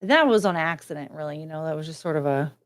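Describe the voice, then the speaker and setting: A woman's voice: low voice, expressive, quick pace. A woman hosting a casual livestream, chatty and self-mocking as she answers her chat. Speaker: livestream host.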